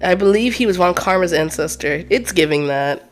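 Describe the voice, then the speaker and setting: A woman streaming a game, chatting casually in animated, profane banter and laughing often. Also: on the low side, normal speed, crowd noise. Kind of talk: casual let's-play chat.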